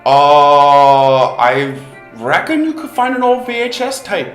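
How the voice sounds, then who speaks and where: Guy doing a hammy fake irish drunk, high voice, faint music behind. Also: animated, slow, fairly bright tone. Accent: put-on Irish. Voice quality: bad fake accent, hammy. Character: fake Irish man guest, boozy, blustery. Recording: echoey room with faint music.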